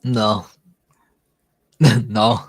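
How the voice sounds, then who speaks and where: A tipsy man with a lowish voice rambles and jokes through a casual livestream chat. He stumbles over words and breaks into laughs between thoughts. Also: flat delivery, drawn-out words. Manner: rambling, joking, laughs often. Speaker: livestream host.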